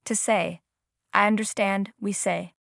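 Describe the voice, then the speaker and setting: A woman teaching a language lesson, asking learners questions and calmly explaining a pronunciation rule. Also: medium pitch, unhurried, creaky, dry recording, clean studio sound. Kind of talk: scripted lesson prompts and explanation.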